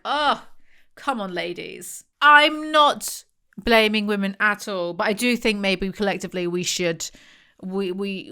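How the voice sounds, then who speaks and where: A woman's voice: medium pitch, bright, forceful tone. A young woman chatting casually and sarcastically as she reacts to song lyrics, swearing and laughing as she goes.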